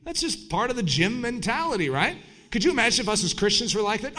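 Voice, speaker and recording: A man preaching a sermon in an animated way, breaking into shouted mock voices. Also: high voice, a little fast, slightly rough.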